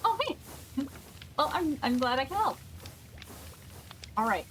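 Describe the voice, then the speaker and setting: A woman's voice: high-pitched, expressive, takes it slowly, fairly bright tone, slight background noise. A woman streaming a game, thinking aloud and questioning herself as she works through a problem. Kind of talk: casual gameplay commentary.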